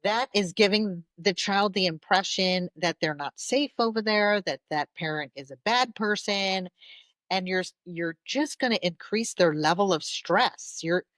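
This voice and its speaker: A woman therapist speaking as a guest in a podcast interview. She talks in an animated way, acts out the voices of parents, and often checks in with "'kay?". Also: on the low side, a little slow, no room sound.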